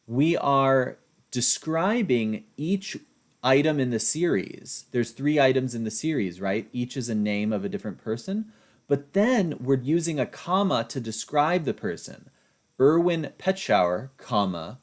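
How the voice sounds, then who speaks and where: A man's voice: medium pitch, lively intonation, unhurried. Man explaining grammar in a lecture. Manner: explanatory, asks rhetorical "right?" checks, restarts phrases. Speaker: writing instructor. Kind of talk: recorded lecture walking through examples.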